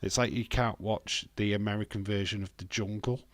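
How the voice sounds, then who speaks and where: A man's voice: lowish voice, fairly even intonation, a little fast, fairly bright tone, no echo. A British man hosting a live watch-along, giving casual, blunt commentary and swearing freely. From Britain.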